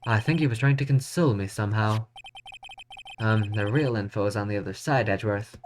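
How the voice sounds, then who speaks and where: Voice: medium pitch, fairly quick, background noise. Tired streamer reacting with blunt swearing. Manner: reads game text aloud and reacts bluntly with swearing. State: tired, yawning. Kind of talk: live game playthrough commentary.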